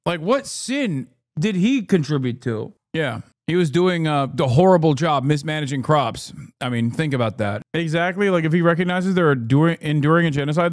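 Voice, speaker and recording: A male streamer giving heated, profane reaction commentary, talking fast with many fillers. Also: high-pitched, no room sound, studio quality.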